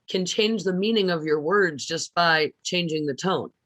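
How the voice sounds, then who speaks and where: A woman teaching public speaking in a recorded lecture, stressing words deliberately and often asking her listeners questions. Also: lowish voice, a bit bright, no room sound. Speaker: speech teacher.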